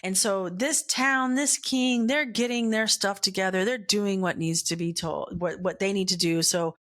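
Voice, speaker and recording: A woman hosts a podcast, telling a frank personal story in an animated, confiding way. She swears casually and keeps checking in with her listeners. Her voice sits at a medium pitch. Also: moderate pace. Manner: animated, confiding, frequent "right?" check-ins. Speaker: podcast host. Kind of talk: candid storytelling monologue.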